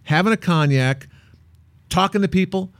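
A man's voice: high voice, normal speed, no room sound. A man telling a playful travel story. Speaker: co-host of a travel show. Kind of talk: casual chat.

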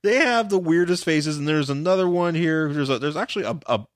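A man co-hosting a casual comic-book chat, animated and laughing, often restarting his sentences. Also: a little high, fairly quick, no room sound, studio quality. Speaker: podcast co-host.

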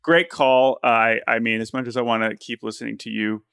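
A man's voice: mid-range voice, little pitch movement, fairly quick, creaky, fairly bright tone, smooth, no room sound, clean studio sound. A man co-hosting a podcast, talking in an enthusiastic, rambling way with many restarts. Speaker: podcast co-host. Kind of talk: casual podcast chat.

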